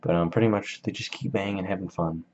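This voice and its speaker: A man's voice: low voice, steady tone, quick pace, a little mellow, slight background noise. A man giving a casual book summary in a slangy, rambling, jokey way, in a dull lo-fi recording. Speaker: video host.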